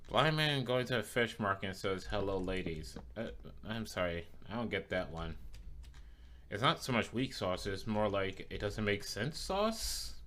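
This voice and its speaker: Male game streamer, lowish pitch, playful roasting, loose casual cursing. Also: big pitch swings, a little slow, a bit bright, a little hiss or hum. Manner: playful teasing, swears freely. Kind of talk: casual live-stream chatter while playing.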